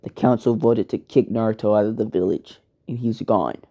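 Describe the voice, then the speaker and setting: A man voicing a weary, apologetic old male village leader in a fan story, calm and soft-spoken. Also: lowish voice, normal speed, lightly acted. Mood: regretful.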